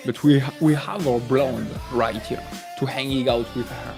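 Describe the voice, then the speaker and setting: A man's voice: mid-range voice, steady tone, moderate pace, vocal fry, over music. A man with a French accent hosting a live trading stream, chatting casually, joking and greeting viewers by name. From France. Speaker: livestream trading host.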